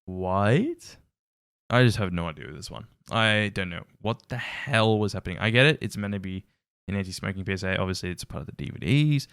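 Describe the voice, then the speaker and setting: A man's voice: fairly low pitch, a little fast, fairly bright tone, clear, resonant tone, no room sound, studio quality. A man hosting a casual reaction commentary, wry and incredulous, laughing often. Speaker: reaction video host.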